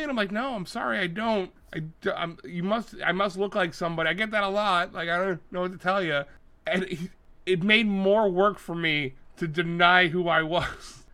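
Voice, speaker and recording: A man's voice: high-pitched, fairly quick, sharp tone. A man co-hosting a podcast, chatting casually, rambling through stories and swearing freely. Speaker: podcast co-host. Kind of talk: casual chat.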